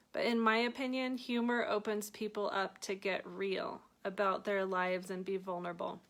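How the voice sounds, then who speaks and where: A woman's voice: mid-range voice, creaky, a bit bright. A woman reading aloud from her own book, stopping now and then for chatty, joking asides about what she wrote. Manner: chatty, breaks off to joke and laugh at her own lines.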